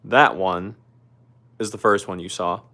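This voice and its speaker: A man's voice: sits low, fairly even intonation, unhurried, sharp tone. A young man hosting a casual livestream from his bedroom, reading viewers' comments aloud and answering each one by name. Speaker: livestream host.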